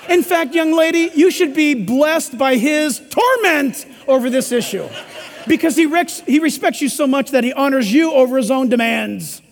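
High-voiced middle-aged pastor in echoey hall. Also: male voice, creaky. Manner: emphatic and conversational, acting out quoted voices. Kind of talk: sermon.

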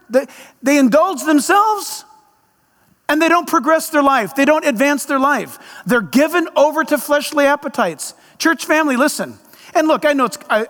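A man's voice: very high voice, fairly bright tone. A male pastor preaching a conversational sermon to his church, full of emphatic rhetorical questions. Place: church sanctuary. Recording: long reverb of a large hall.

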